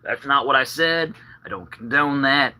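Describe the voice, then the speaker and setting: A man's voice: medium pitch, normal speed, pushed and bright, clean tone, low-quality recording. A man rambling casually on a live stream, slightly out of breath, with meandering talk full of fillers and restarts.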